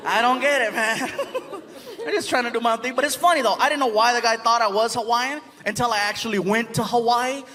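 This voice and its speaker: A man doing stand-up, animated storytelling, acting out voices and laughing at his own jokes on a theater stage. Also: very high voice, a little fast, a crowd in the background. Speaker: stand-up comedian. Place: theater stage before a live audience.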